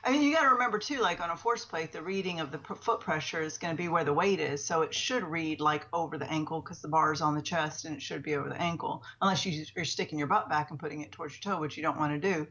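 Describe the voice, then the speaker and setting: A woman with a low-pitched but bright, forceful voice chats about lifting technique on a podcast. She talks in an animated, candid and chatty way, and the recording has a dull lo-fi quality. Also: fast, hardly any pauses. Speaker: podcast co-host, weightlifting coach. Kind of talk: casual coaching chat. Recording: dull lo-fi sound.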